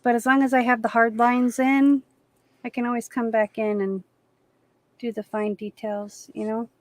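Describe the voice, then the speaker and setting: An artist hosting a live stream chats casually while she paints, in an easygoing way that rambles and corrects itself as it goes. Her voice is on the high side, with a level tone and a moderate pace.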